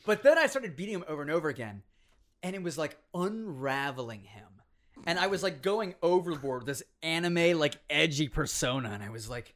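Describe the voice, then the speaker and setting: A man in his twenties casually telling stories about competitive gaming, animated, laughing often and acting out quotes. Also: a little high, normal speed. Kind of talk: casual storytelling chat.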